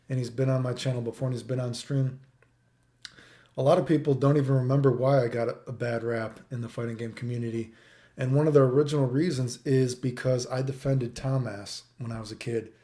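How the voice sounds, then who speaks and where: A man's voice: medium pitch, warm tone. A man hosting his own channel, in a heated, profane rant that he keeps punctuating with "right?". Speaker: channel host. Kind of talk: ranting monologue.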